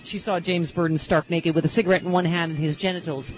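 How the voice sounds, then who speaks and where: A woman's voice: lowish voice, steady tone, fast. A woman hosting a casual, comedic talk radio show, reading odd news headlines and cracking jokes. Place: radio studio. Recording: dull lo-fi broadcast audio, faint music.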